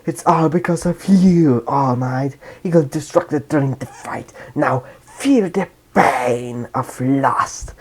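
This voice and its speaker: A man voicing a cruel, mocking young male villain who speaks in slow, gloating taunts. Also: medium pitch, slightly rough.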